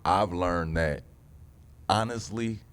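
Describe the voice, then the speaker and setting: A man co-hosting a podcast, talking in an animated, slangy, joking way. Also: sits low, slow pace, clean tone. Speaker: podcast co-host. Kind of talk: casual podcast conversation.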